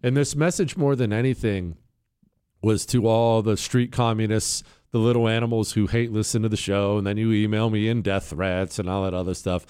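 A man's voice: moderate pace, clear, resonant tone. A man hosting a political talk radio show, combative and mocking, with sarcastic jabs and punchy emphasis. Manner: lively pitch swings, stressing words.

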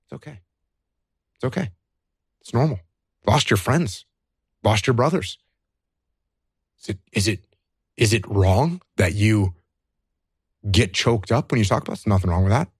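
A man's voice: lowish voice, expressive, normal speed, long pauses, husky, no echo, studio quality. Man giving blunt, repetitive pep talk. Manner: emphatic, asks and answers his own questions, repeats key phrases. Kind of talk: earnest conversational advice.

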